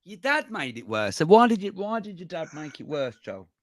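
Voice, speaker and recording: A man's voice: fairly high pitch, big pitch swings, normal speed, no echo, studio quality. A man hosting a livestream chat who keeps pressing his guest with questions. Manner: probing, laughing along. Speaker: livestream host. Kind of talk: casual chat.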